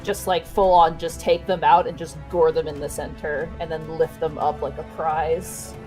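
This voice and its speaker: A woman player describing her monster character's actions in a tabletop game, in drawn-out phrases with fillers. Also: sits low, level tone, mellow, soft background music, poor audio.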